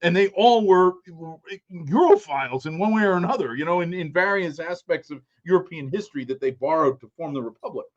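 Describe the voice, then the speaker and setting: A man with a fairly high voice co-hosts a podcast in a loose, rambling way, circling back and repeating words as he builds his point. His audio comes through dull and lo-fi. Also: lively intonation, fairly quick, hardly any pauses. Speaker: podcast co-host. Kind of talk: casual discussion.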